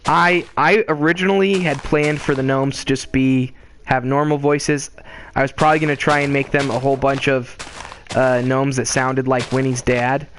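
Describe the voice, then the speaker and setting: A man's voice: mid-range voice, steady tone, normal speed, fairly bright tone, slight background noise. Rambling, chuckling man streamer. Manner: rambling, with many restarts and chuckles. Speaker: game master and streamer. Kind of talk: casual live Q&A chat.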